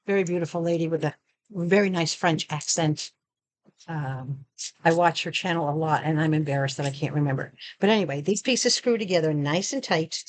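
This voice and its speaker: A woman from Arizona with a lowish voice chats casually through a product unboxing, showing each item as she talks. She's a product review vlogger, and the recording has a slight hiss or hum.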